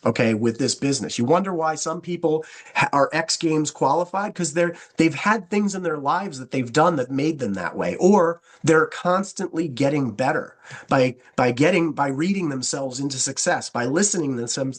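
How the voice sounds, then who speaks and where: A man giving a sales training talk, animated and acting out phone calls as he coaches recruiters. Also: on the high side. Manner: animated, acts out calls with quoted dialogue.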